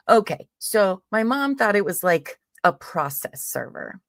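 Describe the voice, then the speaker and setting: A woman's voice: fairly low pitch, animated, unhurried, dry recording, clean studio sound. A woman hosting a live true crime stream, reading a transcript aloud and breaking off into casual, profane commentary with laughing asides. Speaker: true crime livestream host. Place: home streaming setup.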